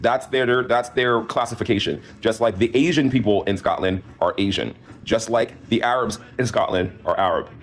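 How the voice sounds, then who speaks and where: A man's voice: on the low side, normal speed, hardly any pauses. A man hosting a commentary video, emphatic and direct, lecturing the viewer. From United States. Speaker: host.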